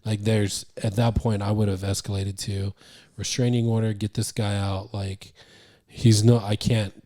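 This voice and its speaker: A man co-hosting a movie review podcast, giving measured, opinionated takes in casual chat. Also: lowish voice, level tone, dark tone, no room sound, studio quality. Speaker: podcast co-host.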